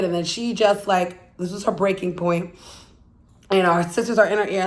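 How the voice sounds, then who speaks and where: A woman hosting her own YouTube channel recaps a film's plot in a mid-range voice, speaking a little slowly. Her rambling, casual retelling is full of "like" and "you know," with blunt swearing.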